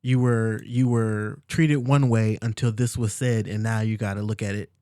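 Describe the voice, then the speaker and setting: A man, a podcast guest, telling an emotional personal story in an earnest, halting way, repeating himself and close to tears. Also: on the low side, fairly even intonation, dark tone, clear, resonant tone, dry recording.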